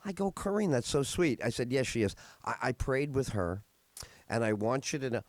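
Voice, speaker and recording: A man's voice: medium pitch, very animated, normal speed, dry recording. A middle-aged man hosting a podcast, telling rambling stories in a casual chat with many fillers. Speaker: podcast host.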